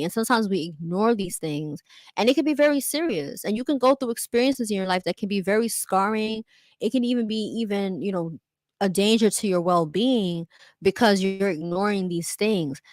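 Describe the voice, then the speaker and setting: A woman's voice: mid-range voice, moderate pace, no room sound. Emphatic young woman, dry close sound. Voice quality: frequent "like" and "you know" fillers. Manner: candid, emphatic, acts out quotes in other voices. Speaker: vlogger. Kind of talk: livestream monologue.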